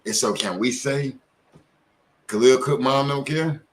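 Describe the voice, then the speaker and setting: A man's voice: medium pitch, measured pace, a little hiss or hum. A man giving heated commentary as a show host, firing off rhetorical questions.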